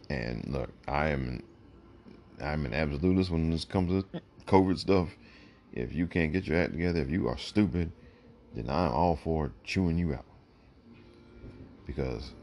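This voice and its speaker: Man, podcast host, extremely deep voice, blunt and emphatic, hiccuping. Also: vocal fry, a little mellow, a little hiss or hum. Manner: blunt, emphatic, repeats "look". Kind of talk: opinionated solo commentary.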